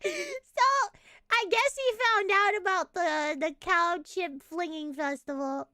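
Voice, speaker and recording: High, bright-voiced woman streamer. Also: slow pace, slight background noise. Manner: laughing, swearing, reading comments aloud. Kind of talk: casual chat. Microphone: close desk mic.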